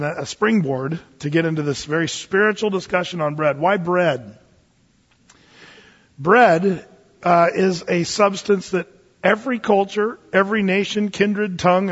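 A man's voice: high voice, slightly rough. A man teaching the Bible verse by verse as a pastor, in a folksy, emphatic, chatty way. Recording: dull, echoey hall recording.

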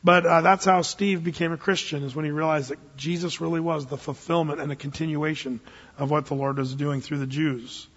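Male pastor, high for a man, husky tone, folksy conversational preaching, dull lo-fi sound, long hall reverb. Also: steady tone, brisk, a bit bright. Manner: conversational, folksy preaching with dramatic Bible readings. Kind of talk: expository sermon.

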